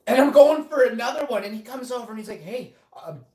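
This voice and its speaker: Speaking fast in an extremely high-pitched, warm voice, a man vlogs a casual story to camera. His telling rambles, stuffed with fillers, restarts, and cursing, all captured with a roomy echo.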